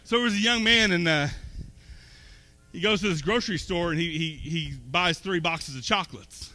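A man preaching in a church sanctuary, his high, very bright voice carrying a long hall echo. He moves between easy, conversational talk and emphatic, rising points. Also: normal speed, soft background music. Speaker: pastor. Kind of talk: sermon.

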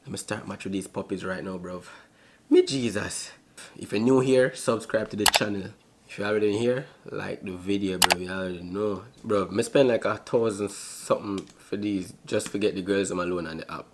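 A man's voice: lowish voice, normal speed, background noise. A young man with a Jamaican accent, talking to camera as a vlogger in a crude, joking way. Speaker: YouTube vlogger. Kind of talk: casual vlog and video-chat pranks.

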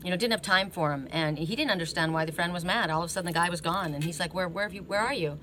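A woman's voice: fairly low pitch, very fast, noisy background. A woman giving an oracle card reading, who tells the story in a rambling, casual way. She keeps restarting her sentences and tags them with "you know" and "right?". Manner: self-interrupting, restarts her sentences often.

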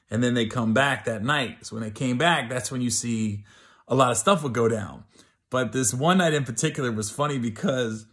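A middle-aged man telling a comic story, loose and chatty, laughing between bits. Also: medium pitch. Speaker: comedian.

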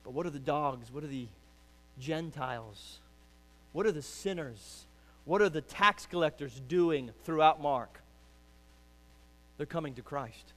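A man preaching a sermon as pastor, urging loudly and then dropping to quiet pleading. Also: a little high, measured pace, pauses often. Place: church sanctuary.

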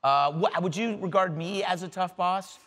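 A man hosting a comic talk show, delivering sarcastic deadpan jokes and banter with his panel. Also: high voice, normal speed, in a large hall. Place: television studio.

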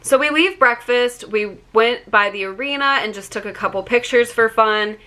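A young woman vlogger tells a personal story, chatty and emotional, peppering it with "like" and getting choked up. Her voice is fairly high-pitched, bright and pushed, at a normal speed.

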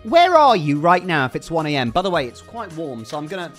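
Male streamer, high pitch and sharp bright tone, upbeat casual chatter, faint music behind. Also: big pitch swings, fast. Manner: upbeat, reads out chat names and thanks donors. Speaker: livestreamer. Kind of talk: casual livestream chat.

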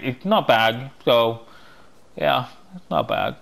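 Excitable man narrating his gameplay. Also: medium pitch, vocal fry. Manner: chatty and excitable, talking to himself as he plays; loose, halting non-native English phrasing. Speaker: gaming channel host. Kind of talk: gameplay walkthrough commentary.

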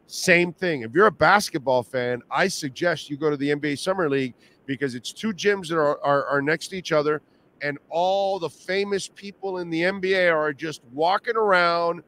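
A man with a Miami accent hosting a sports radio show, talking in an animated, rambling, slangy way. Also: a little high, normal speed. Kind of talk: casual sports talk.

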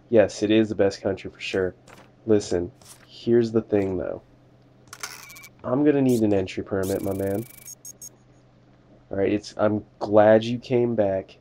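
A man's voice: lowish voice, slow, pauses often, mellow, slight background noise. A young man giving casual, jokey game commentary, talking to the characters as a border inspector and swearing now and then. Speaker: gamer doing a let's play.

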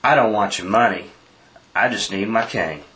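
A man voicing an old male street card hustler who calls everyone sir, politely and haltingly. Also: lowish voice, fairly bright tone, slight background noise, voice pushed down, lightly acted. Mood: sly polite.

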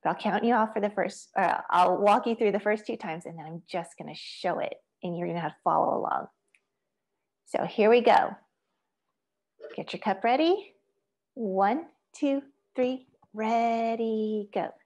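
A woman's voice: medium pitch, lively intonation, moderate pace. A woman teaching an online music lesson, giving patient step-by-step instructions and chanting rhythm syllables and counts. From Asia.

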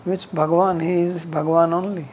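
A man teaching scripture verse by verse. He recites each verse in Sanskrit and then explains it in simple, measured English, often restarting his sentences. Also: a little high, little pitch movement, a little hiss or hum, rough recording. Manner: drops softer at phrase ends, with frequent restarts.

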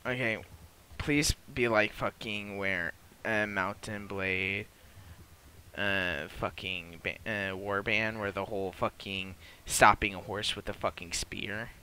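A man's voice: fairly low pitch, fairly even intonation, slow, sharp tone, a little hiss or hum. A man giving live gameplay commentary, swearing constantly and blurting frustrated outbursts at enemies while admitting he is new to the game. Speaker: gamer playing a multiplayer beta.

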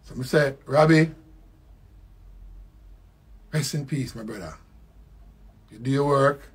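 An older man with a Jamaican accent giving a slow, reflective spoken tribute, repeating his phrases. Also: medium pitch, breathy edge. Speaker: musician.

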